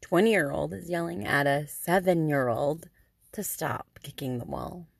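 A middle-aged woman tells a story in a casual, chatty way, with lots of ums and dry sarcasm. Her voice sits low and has a gravelly fry. The sound is close and dry, with no room around it. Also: animated, measured pace, no room sound. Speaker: podcast host.

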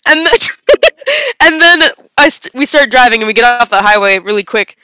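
A young woman on a casual podcast, telling a long story in an animated, rambling way with bursts of laughter. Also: high-pitched, normal speed, clear, resonant tone, no room sound. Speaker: podcast co-host.

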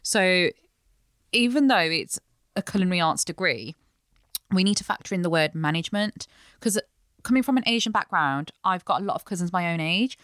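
A woman's voice: on the low side, lively intonation, moderate pace, a bit bright, no room sound, studio quality. A young adult woman, a chef and business owner, chatting earnestly in an interview and explaining at length. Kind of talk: casual interview chat.

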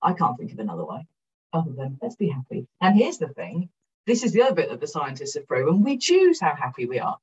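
A middle-aged Welsh woman speaks frankly to a conference audience, joking at her own expense and swearing freely. Her voice sounds breathy and husky, heard from some distance away. The recording is dull and muffled. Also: deep voice, quick pace. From South Wales. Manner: frank and energetic, swears casually, self-deprecating. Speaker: keynote speaker. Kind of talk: candid conference talk. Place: conference room.

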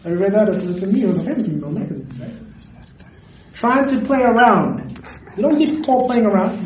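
A man preaching a sermon, animated and questioning his audience directly. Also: high-pitched, brisk, highs cut off, slight background noise. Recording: echoey hall recorded from a distance.

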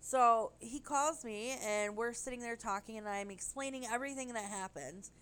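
A woman telling a rambling, animated story in casual chat. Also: fairly high pitch, moderate pace, smooth, low-quality recording.

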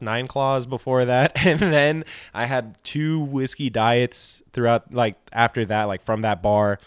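A man's voice: medium pitch, clean tone, no echo, studio quality. Profane rambling man telling a story. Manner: profane, rambling, animated with quoted voices. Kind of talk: casual storytelling chat.

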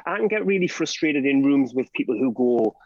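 A middle-aged man with a Geordie accent, a podcast guest talking in animated, sweary rants full of "right?" and "do you know what I mean". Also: medium pitch, fairly quick, dry recording. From Northeast England. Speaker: podcast guest, drug harm-reduction trainer. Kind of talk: passionate podcast conversation. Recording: dull, dry podcast audio.

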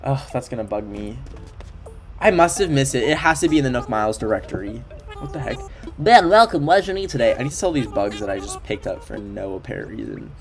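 Fairly low-pitched and fairly quick, the voice belongs to a young Canadian streamer chatting through a gameplay livestream. He's playful, leans heavily on fillers, and occasionally sings along in nonsense syllables over faint background game music.

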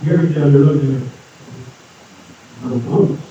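A man giving an energetic guest sermon in a blunt, joking style. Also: mid-range voice, normal speed, slight background noise. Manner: loud, blunt, jokey preaching. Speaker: guest preacher. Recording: far, echoey, muffled hall sound.

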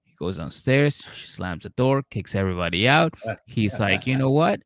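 A man co-hosting a podcast in casual chat, retelling scenes with lively acted-out voices and frequent laughter. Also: on the low side, normal speed, no room sound. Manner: animated storytelling, acting out voices, laughing often. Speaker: podcast co-host.

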